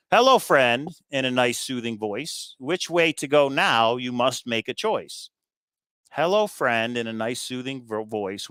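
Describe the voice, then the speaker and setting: A man with a mid-range, pushed, bright voice, recorded dry, hosts a treasure hunt video. An adult with kids, he walks through a puzzle solution casually, thinking aloud with frequent fillers.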